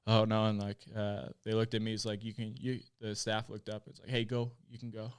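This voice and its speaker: A man's voice: lowish voice, completely flat delivery, a little fast, clear, resonant tone, no echo. A man in his late twenties from Utah, a podcast guest telling a personal story in casual conversation, candid and plainspoken, with frequent swearing. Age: late 20s.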